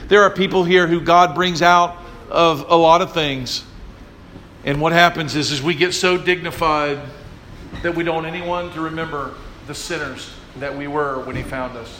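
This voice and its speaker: High-voiced preacher man calling for amens. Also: pushed and bright. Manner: call-and-response preaching, emphatic. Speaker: pastor. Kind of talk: sermon.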